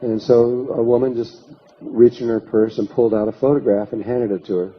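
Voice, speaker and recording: Steady in tone and fairly quick, a man's mid-range voice delivers an anecdotal workshop talk, one long story with the characters' lines acted out. Restarts come often. There's slight background noise on this dull lo-fi storytelling lecture recording.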